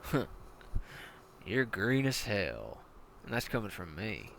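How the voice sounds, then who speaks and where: A man's voice: on the low side, very animated, takes it slowly, gravelly, noisy background, pitched below the performer's own voice, exaggerated voice. A man playing a brutal, profane male tank commander who barks orders with contempt. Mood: menacing.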